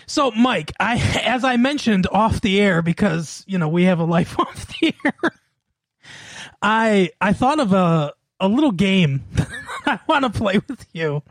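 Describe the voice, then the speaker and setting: High-voiced man hosting a comedy podcast. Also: big pitch swings, a little slow, no echo. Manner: laughs often, quizzes his co-host. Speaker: podcast co-host. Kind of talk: casual comedy podcast chat.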